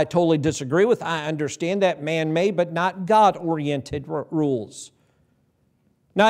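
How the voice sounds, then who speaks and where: A man's voice: a little high, darkish tone. A middle-aged man preaching a sermon as pastor, folksy and conversational, asking the congregation questions. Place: church sanctuary.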